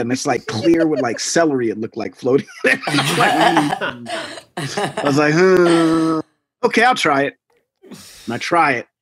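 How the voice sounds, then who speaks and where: A man from New York, a guest telling stories in casual chat, acting out quotes and sound effects. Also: fairly high pitch. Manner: animated storyteller who acts out quotes and sound effects.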